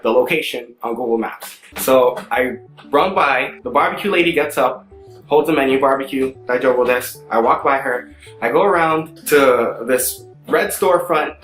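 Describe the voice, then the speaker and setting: A young man spins a comic story in an animated, exasperated way, with his voice sitting on the higher side. The room sounds roomy and echoey, with faint music playing underneath. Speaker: storyteller vlogger. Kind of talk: casual storytelling to camera.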